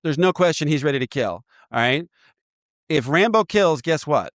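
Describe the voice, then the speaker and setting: Animated, laughing man teaching recovery steps. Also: fairly high pitch, normal speed, dry recording, clean studio sound. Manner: animated, laughs often, acts out voices. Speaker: AA sponsor guiding a step inventory. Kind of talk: casual teaching talk.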